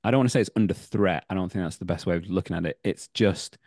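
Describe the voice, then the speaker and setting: A man in his thirties, an actor guest, chats in a casual, rambling way, circling back and correcting himself. His voice sits low, and the recording is close and dry. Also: quick pace, a little mellow, dry recording. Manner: rambling, many fillers and restarts, self-correcting. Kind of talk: casual interview chat.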